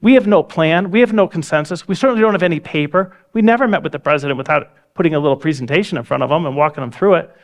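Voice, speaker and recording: A man's voice: a little high, quick pace, few pauses. A man giving a talk, telling a story with vivid acted-out dialogue. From United States. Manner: vivid, acts out quoted dialogue. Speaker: speaker. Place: lecture hall.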